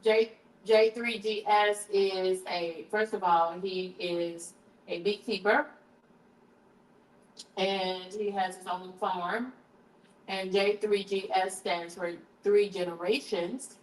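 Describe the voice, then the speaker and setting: Speaking slowly in a mid-range, fairly even voice, this livestream host talks directly to her audience while sampling her cooking at home. At one point her chatter drops into quiet prayer, and the faraway camera mic gives the kitchen a roomy feel.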